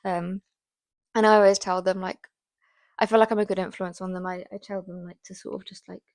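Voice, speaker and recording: A woman in her twenties chatting casually to camera. She rambles along with many fillers and often drops into a soft whisper. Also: mid-range voice, flat delivery, a little fast, dry recording, studio quality. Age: 20s. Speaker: vlogger.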